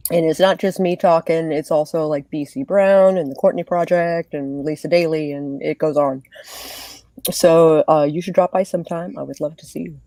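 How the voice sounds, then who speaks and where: A friendly, upbeat woman guest author joining a livestream over a video call. Her voice sits very low with a dark, mellow tone, and her sound is dry and close. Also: fairly even intonation, normal speed, dry recording. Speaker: guest author and graphic designer. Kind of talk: casual chat on a livestream.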